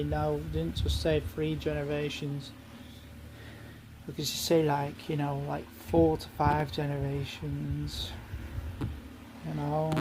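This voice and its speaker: Man, slow heated monologue, swears a lot, mellow darker voice. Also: on the high side, slight background noise, rough recording. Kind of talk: angry monologue rant.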